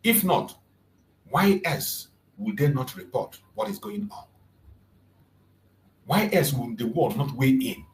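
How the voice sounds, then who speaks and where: A man's voice: medium pitch, very animated, slow, pauses often, a little hiss or hum, low-quality recording. A man from southeastern Nigeria, hosting an impassioned political commentary and hammering his points home with repetition. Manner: fervent, repetitive, emphatic. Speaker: channel host.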